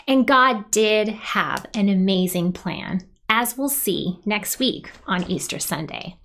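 A woman leading a children's worship service, telling a Bible story with lively sound effects and cheers for the kids to join. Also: fairly high pitch, a little hiss or hum. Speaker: children's ministry leader.

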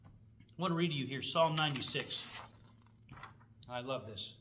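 A man's voice: medium pitch, measured pace, bright, forceful tone, a little hiss or hum. A man teaching a Bible study in a conversational way, asking rhetorical questions and reading scripture aloud.

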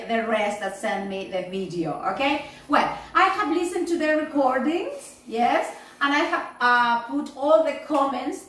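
Slow, high-voiced teacher in an echoey room. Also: female voice, fairly bright tone, far from the mic. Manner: slow, repeating "yes?" and "okay?" to check understanding. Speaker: English teacher. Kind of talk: online class feedback.

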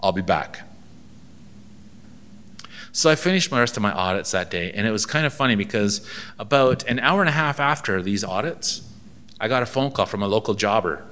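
A man's voice: on the low side, animated, brisk, a bit bright, slight background noise. A man, a transport ministry inspector from Canada, gives a seminar and tells anecdotes with dry humor, acting out bits of dialogue.

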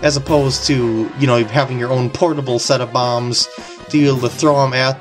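A video game commentator talking casually through a playthrough, excitable and giggling often, over game music. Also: medium pitch, brisk. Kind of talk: casual let's-play commentary.

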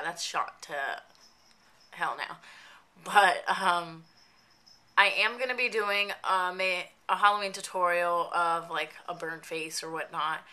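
A woman's voice: on the low side, sharp tone. Stuffy-nosed young woman, chatty vlog. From New Jersey. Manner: chatty, rambling with many fillers. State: stuffy nose, slightly raspy. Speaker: makeup vlogger. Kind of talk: casual vlog update.

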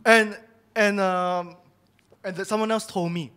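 High-voiced man giving candid church testimony. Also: steady tone, a little slow, sharp tone, clear, resonant tone. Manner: candid, confessional storytelling. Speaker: church speaker sharing testimony. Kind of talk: personal testimony sermon.

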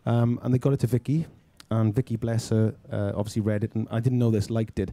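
A man from Wales tells a story in an interview at a rapid clip, his voice dark and low in tone. He acts out each quoted line of dialogue, and the room sound is dry and close. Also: level tone, no room sound. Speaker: film writer-director, guest.

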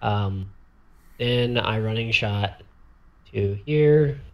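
A man with a fairly low, gravelly voice talks through a miniatures game turn step by step. He counts moves aloud, pauses on fillers and corrects himself mid-thought in a relaxed, casual way. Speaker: tabletop miniatures player walking through a turn. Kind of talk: thinking aloud while demonstrating game moves.

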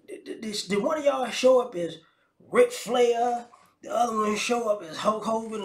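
Man, comic vlog rant, incredulous and mocking; gravelly, echoey room. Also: very high voice. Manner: mocking, incredulous, repeats words, laughs often. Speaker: commentary vlogger. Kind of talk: casual comedic rant. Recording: roomy echo.

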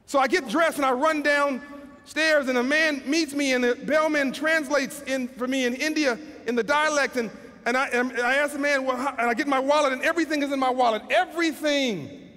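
A man giving an inspirational keynote speech in an event hall, telling stories with emphatic, slowed phrases and frequent restarts. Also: extremely high pitch, bright, forceful tone. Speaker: keynote speaker. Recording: long reverb of a large hall.

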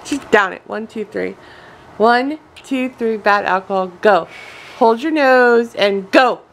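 A woman's voice: a little high, takes it slowly. A woman co-hosting a home vlog, telling a story in casual chat and giggling often. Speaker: vlog co-host.

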